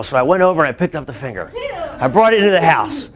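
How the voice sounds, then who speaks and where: A male teacher telling a lively personal story to his students, breaking into shouts and laughter. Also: on the high side, fast talker. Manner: animated, bursts into shouts and laughs while telling. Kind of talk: storytelling to a class.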